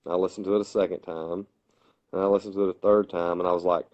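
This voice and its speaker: A man's voice: low voice, quick pace, highs cut off. A man co-hosting a casual podcast, chatting and retelling stories eagerly with lots of fillers and restarts. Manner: animated storyteller, retells debate moments with many fillers and restarts. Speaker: podcast co-host. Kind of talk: casual chat.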